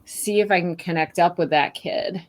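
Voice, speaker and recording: A woman's voice: on the low side, normal speed. A woman guest on a podcast, explaining her ideas at length with everyday examples. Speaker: guest author. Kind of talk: podcast conversation.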